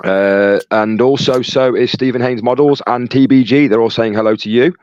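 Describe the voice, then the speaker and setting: A man's voice: mid-range voice, fairly even intonation, normal speed, darkish tone, lo-fi sound, slight background noise. A man co-hosting a casual livestream, reading out chat messages in a jokey, chatty way. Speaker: co-host reading live chat.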